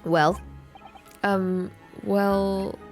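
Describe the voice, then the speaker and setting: A woman's voice: medium pitch, level tone, drawn-out words, faint music behind. A woman voicing an earnest, nervous young male law student, polite and flustered, in a game playthrough. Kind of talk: video game voice-over playthrough.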